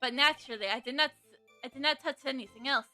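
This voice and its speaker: A woman's voice: sits high, quick pace, bright, forceful tone, soft background music. A woman voicing a smug male chef who sprinkles in fake French, theatrical and showy.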